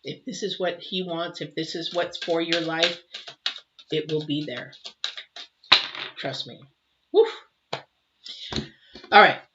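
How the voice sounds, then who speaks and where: A middle-aged woman giving a live intuitive tarot reading, emotional and exclamatory, moving between loud bursts and soft murmurs. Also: sits low, slow, long pauses. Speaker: tarot reader. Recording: slightly dull, faint noise.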